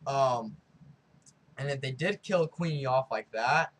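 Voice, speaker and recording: A man giving a casual, rambling review of a TV episode, talking excitedly with lots of fillers and dropping into quick character impressions. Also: mid-range voice, slight background noise. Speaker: video reviewer.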